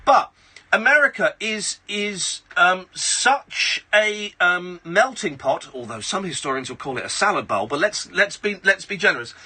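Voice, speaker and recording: Blunt, bright-voiced radio host. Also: male voice, sits high, breathy edge. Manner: blunt, rambling, full of restarts. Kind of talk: late-night phone-in chat. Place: radio studio. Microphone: studio microphone.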